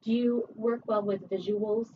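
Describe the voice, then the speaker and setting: A woman voice teacher giving a one-on-one singing lesson, chatty and encouraging, her voice a little rough from a recent cold. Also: medium pitch, fairly even intonation, unhurried. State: recovering from a cold. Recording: distant, dull camera audio with faint hiss.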